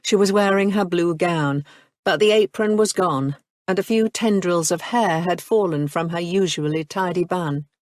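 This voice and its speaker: A woman with a fairly low pitch narrates an audiobook in a measured, even reading of a script. The sound is studio quality with no room sound.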